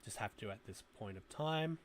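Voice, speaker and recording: A man's voice: on the low side, lively intonation, normal speed, a little hiss or hum. Rambling man hosting a toy livestream. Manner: rambling, talks to chat while browsing, mutters asides. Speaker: toy review livestream host. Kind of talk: casual livestream chat.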